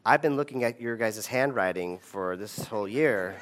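Guy quoting his old teacher, low and quiet, gentle, forgiving. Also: normal speed, close to an everyday voice. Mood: stern questioning. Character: kind older male fourth grade teacher.

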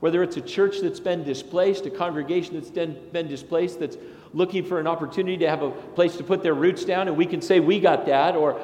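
A man, a pastor, delivering a sermon in a chatty, anecdotal way with lively asides. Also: fairly high pitch, brisk. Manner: conversational and anecdotal, with animated asides. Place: large church sanctuary. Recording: echoey sanctuary with long reverb.

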